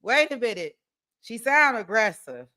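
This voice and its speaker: A woman's voice: a little high, sing-song, unhurried, pushed and bright. A woman hosting a livestream and chatting casually with her viewers in a playful, teasing way, with features. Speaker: livestream host. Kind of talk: casual chat with live viewers. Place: home desk.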